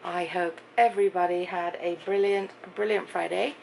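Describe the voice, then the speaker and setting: A woman's voice: on the low side, steady tone, moderate pace, vocal fry, darkish tone, slight background noise, poor audio. A middle-aged English woman from Britain, telling a story in a chatty, exasperated way in a casual vlog at home. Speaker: vlogger. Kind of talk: casual chat to camera. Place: home bedroom.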